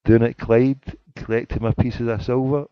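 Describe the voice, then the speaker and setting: A man's voice: medium pitch, flat delivery, moderate pace, smooth, no echo. Man ranting on a dull lo-fi stream. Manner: mock-indignant and joking, talking to a live chat. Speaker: internet radio host. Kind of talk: casual live radio rant. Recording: dry, dull lo-fi internet radio sound.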